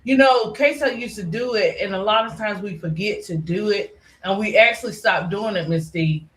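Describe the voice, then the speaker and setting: A woman's voice: mid-range voice, normal speed, fairly bright tone. A middle-aged woman chatting casually as a live-stream panelist, rambling with lots of "you know" fillers. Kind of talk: casual chat. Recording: echoey room.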